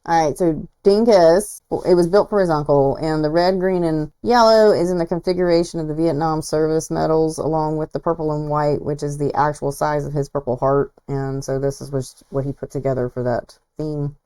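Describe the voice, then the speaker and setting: A woman hosts a relaxed livestream in a low, mellow voice. She talks in a chatty, admiring way and pokes fun at herself now and then. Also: moderate pace, hardly any pauses, clean tone, rough recording. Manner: chatty, self-deprecating, admiring. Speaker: host. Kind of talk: casual livestream commentary.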